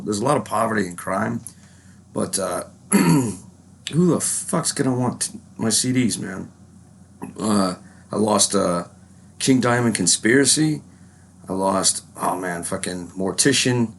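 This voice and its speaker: Deep-voiced swearing man with a cold. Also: a bit bright, slight background noise. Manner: profane, rambling, frequent swearing and "man". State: congested with a lingering cold. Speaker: metal vlogger. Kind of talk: casual rant to camera.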